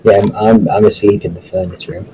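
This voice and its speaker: A man's voice: on the low side, steady tone, brisk, dark tone, breathy edge, low-quality recording. A man playing a tabletop game online, joking in a dry way. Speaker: player. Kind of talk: casual tabletop game chat. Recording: faint background noise.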